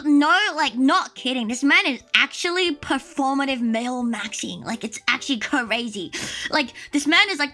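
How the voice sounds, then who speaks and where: A young woman telling a story casually on a livestream. She is animated and exclamatory, with lots of filler words. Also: sits high. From Australia. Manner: animated, exclamatory, many fillers and bursts of laughter. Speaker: livestream host.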